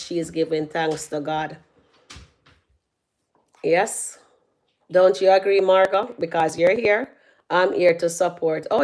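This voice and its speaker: Chatty woman live-streaming from her phone. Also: fairly low pitch. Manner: chatty, reads out viewer comments, laughs loudly. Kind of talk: casual live-stream commentary. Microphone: phone held at arm's length.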